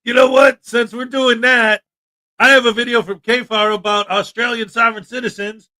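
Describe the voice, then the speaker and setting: A man hosting a casual livestream chat, joking and animated with sudden loud bursts. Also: very high voice, moderate pace. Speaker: livestream host.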